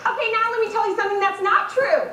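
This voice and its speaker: A woman's voice: very high voice, fast, background noise. A teenage girl performing a competitive dramatic monologue in a wry, sardonic storytelling manner. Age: teens. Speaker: speech competitor. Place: competition stage in a large hall. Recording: echoey hall from far off.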